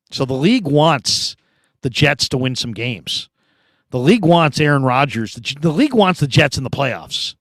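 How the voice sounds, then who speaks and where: A middle-aged man hosting a casual sports talk stream, rambling and telling stories with loud acted-out quotes. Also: medium pitch, no room sound. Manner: rambling, animated storytelling, acts out quotes loudly. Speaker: show host.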